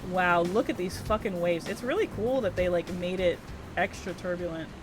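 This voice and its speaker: A woman's voice: on the low side, moderate pace. A woman streaming a video game, chatting casually and playfully, swearing now and then and reading dialogue aloud. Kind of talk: casual chat while playing a video game. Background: game music.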